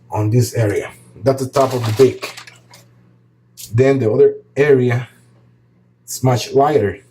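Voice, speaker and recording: A man calmly explaining a painting tutorial step by step as he works, pausing often with short fillers. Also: mid-range voice, poor audio. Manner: calm, relaxed explaining while painting, with pauses and fillers. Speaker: art teacher.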